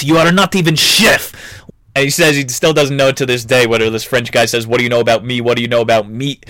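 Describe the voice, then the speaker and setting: A man talking through a memoir in a loose, jokey podcast recap, tossing in sarcastic asides and frequent chuckles. His voice sits at an ordinary middle pitch. The recording is close and dry, with no room echo. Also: fairly bright tone. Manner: sarcastic, chuckles often, says "like" and "you know". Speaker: podcast host reviewing a memoir. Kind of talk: casual comedic book recap.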